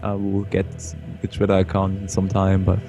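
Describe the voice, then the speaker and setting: A young man from Germany with a German accent, a guest in a casual interview, talking haltingly and laughing often. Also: low voice, monotone, vocal fry, crowd noise. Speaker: interview guest, esports caster.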